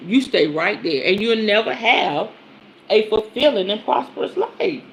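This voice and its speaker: A woman's voice: unhurried, a little hiss or hum. A woman hosting a spiritual talk show, speaking in a casual, emphatic teaching style with frequent swearing and laughter. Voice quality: lively, animated pitch swings. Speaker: podcast host and spiritual teacher. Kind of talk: casual spoken teaching monologue.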